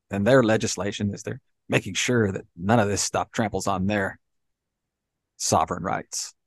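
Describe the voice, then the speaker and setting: A man's voice: lowish voice, no room sound. A man co-hosting a podcast, explaining history at length in casual talk, often dropping "you know" and "right?". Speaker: podcast co-host.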